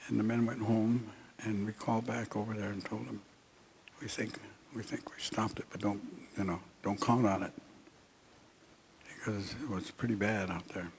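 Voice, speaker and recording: Gravelly older man telling a story slowly. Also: on the low side, fairly even intonation, slight background noise. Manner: unhurried, halting storytelling with many pauses and fillers. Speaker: speaker at an honoring event. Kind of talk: recounting a personal story in a speech.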